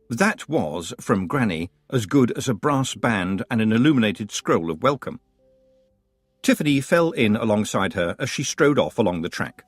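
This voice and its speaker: A man narrating a fantasy audiobook with expressive, wry storytelling. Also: fairly low pitch, normal speed, husky, no echo. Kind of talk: scripted narration.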